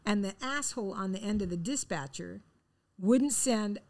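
A woman's voice: mid-range voice, moderate pace, darkish tone. A middle-aged woman telling a long funny story in casual chat. She laughs often and acts out the dialogue.

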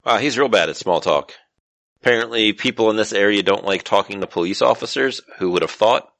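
Deep-voiced man running a tabletop game. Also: a little fast, vocal fry, a bit bright, no room sound, poor audio. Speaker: game master.

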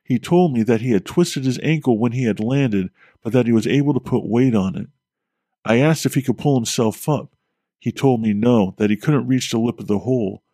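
A man telling a scripted horror story as a podcast host, steady and measured. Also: medium pitch, no echo, clean studio sound.

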